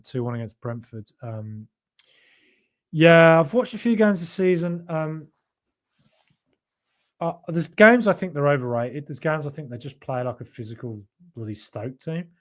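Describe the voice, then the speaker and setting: An English man with a mild Birmingham accent hosting a football podcast live, chatting casually with many ums and restarts, his voice tiring late at night. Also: medium pitch. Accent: mild Birmingham (Brummie). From England. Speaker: podcast host reading live chat. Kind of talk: casual live-stream chat.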